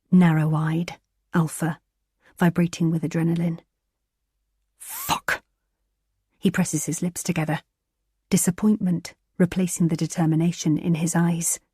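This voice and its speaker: A woman reading a thriller audiobook in a tense, measured narrating style. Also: fairly low pitch, mellow, breathy edge, dry recording, studio quality.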